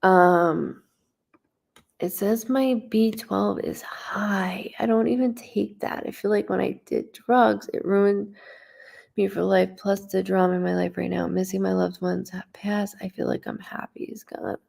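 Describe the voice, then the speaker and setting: A woman's voice: medium pitch, fairly even intonation, a little slow, vocal fry, a little mellow. A woman working as a psychic medium on a casual live stream, talking straight to the viewer in a blunt way and swearing freely.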